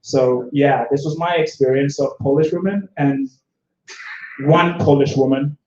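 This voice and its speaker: A man's voice: mid-range voice, a little slow, darkish tone. A man from South Africa doing a rambling, self-deprecating stand-up set at an open mic, with lots of restarts. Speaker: stand-up comedian. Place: open-mic stage in a bar room. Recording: echoey room, dull lo-fi sound.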